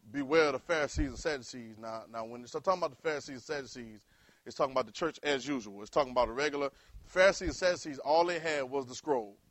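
A male preacher, delivering a sermon in call-and-response style that rises to loud exhortation. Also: mid-range voice, dry recording.

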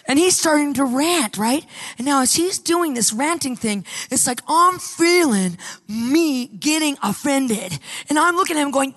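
A woman telling a personal story in an animated sermon style, acting out the people she quotes with raised, shouted lines. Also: high voice, unhurried. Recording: long hall reverb.

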